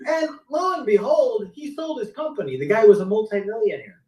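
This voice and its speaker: A middle-aged man spins car sales stories in a casual, animated way, his voice pitched fairly high and swinging widely as he acts out his customers. He sounds roomy and a bit distant from the mic, as on a video call. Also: brisk. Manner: animated storyteller acting out customers' lines. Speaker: car sales veteran, show co-host. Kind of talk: casual storytelling on a live stream.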